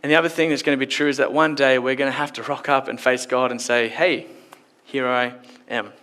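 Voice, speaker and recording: A man's voice: mid-range voice, flat delivery, quick pace, sharp tone. A man preaching a sermon in church, in a conversational, playful storytelling way. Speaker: pastor.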